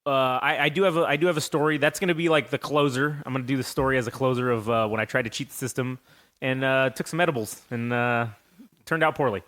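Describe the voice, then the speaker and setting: A young man hosting a casual podcast, telling stories in a profane, animated way. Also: mid-range voice, fast talker. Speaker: podcast host.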